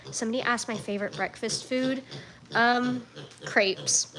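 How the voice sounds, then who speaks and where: A woman's voice: a little high, animated, a little slow, gravelly, crowd noise, poor audio. A young woman chatting casually in a home vlog, rambling with restarts and fillers. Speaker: vlogger.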